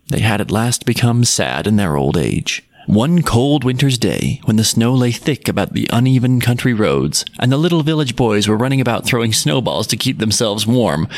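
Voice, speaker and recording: A man narrating a storybook in a measured, even-toned reading. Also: medium pitch, dry recording, clean studio sound.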